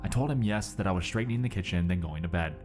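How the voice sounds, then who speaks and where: A man reading a story aloud in a steady, measured narration. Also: sits low. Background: music.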